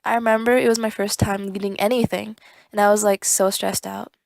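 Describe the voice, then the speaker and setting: A woman's voice: mid-range voice, level tone, fairly quick, vocal fry, a little mellow, no echo. A young woman giving an earnest, grateful farewell message to a friend. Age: young adult. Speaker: student club member.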